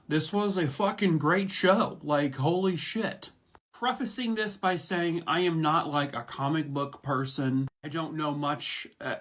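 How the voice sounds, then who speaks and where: A man talking casually about shows he loves, with a somewhat high voice. He rambles, restarts and swears freely, full of enthusiasm. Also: a bit bright. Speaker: online reviewer. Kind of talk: casual review chat.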